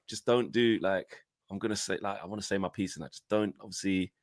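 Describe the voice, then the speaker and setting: A man's voice: deep voice, fairly even intonation, brisk, dry recording, studio quality. A man hosting a casual football banter podcast, telling jokey stories and reading viewer comments. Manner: jokey storytelling, mimics others, reads viewer comments. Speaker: podcast host.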